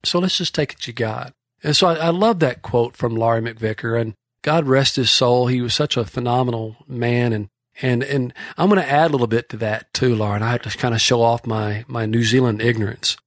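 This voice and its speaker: Texan man, horse trainer, folksy rambling storyteller, dry close sound, mid-pitched voice. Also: fairly quick, no room sound. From Texas. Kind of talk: casual podcast storytelling.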